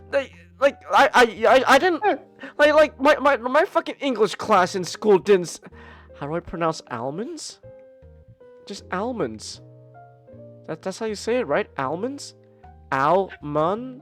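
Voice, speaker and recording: A woman's voice: a little high, sing-song, a little slow, pauses often, soft background music. A woman co-hosting a podcast in casual chat, flustered and defensive, stumbling over many restarts. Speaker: podcast co-host.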